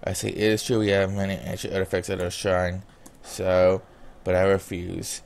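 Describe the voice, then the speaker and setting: A man's voice: deep voice, completely flat delivery, normal speed, vocal fry. A man reading a visual novel's dialogue aloud in his own plain voice, breaking off now and then for casual comments. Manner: reads all the character lines in a plain voice, breaking off for casual comments.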